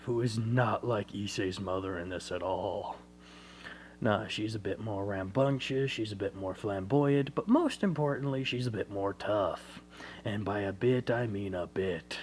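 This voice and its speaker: A man narrates an improvised fan story at a slow, easy pace. His delivery rambles and keeps correcting itself. A faint hum runs under the recording. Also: medium pitch, darkish tone. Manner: rambling, self-correcting, conversational.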